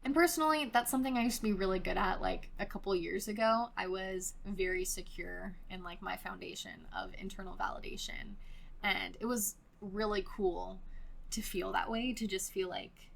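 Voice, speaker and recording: Woman, Californian Valley girl accent, podcast host, vocal fry, chatty, says "like" a lot, casual swearing. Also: mid-range voice, moderate pace. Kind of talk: casual solo podcast chat.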